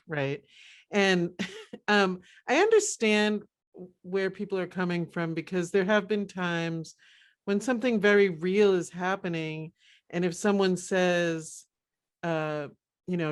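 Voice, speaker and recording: A woman's voice: lowish voice, a little slow. A woman co-hosting a talk show, chatting casually, laughing easily, using many fillers and agreeing often. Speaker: co-host. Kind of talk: casual chat.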